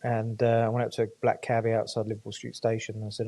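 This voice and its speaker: A man tells his stories at a quick clip, one after another. His voice is mellow and somewhat dark. He swears freely and acts out the voices of the people he quotes. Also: lowish voice, monotone. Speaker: podcast guest. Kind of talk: casual storytelling chat.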